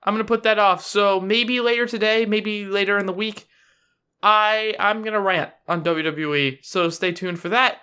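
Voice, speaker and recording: A man's voice: high voice, steady tone, a little slow, pushed and bright, clear, resonant tone. A man on his own channel giving casual wrestling predictions, rambling and sarcastic with frequent restarts. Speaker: YouTube wrestling commentator.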